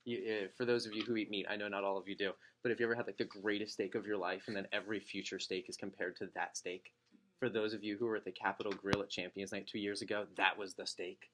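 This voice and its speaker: A man speaking as a district manager to his sales team, an animated storyteller who acts out quotes and jokes, in a meeting room with an audience. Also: lowish voice, fast talker, a little hiss or hum. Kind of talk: motivational talk to a room.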